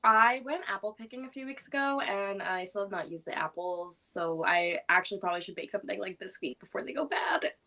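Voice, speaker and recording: A young woman appears as a guest book vlogger on a reading livestream, chatting casually and rambling with plenty of fillers. Her medium-pitched voice is sharp in tone, a bit fast, and rarely pauses.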